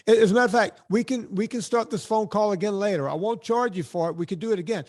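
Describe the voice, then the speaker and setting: A man hosting a podcast interview, talking in an animated, emphatic way and often repeating words as he gets going. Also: sits high, a little fast, few pauses. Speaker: podcast host. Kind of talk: casual conversational interview.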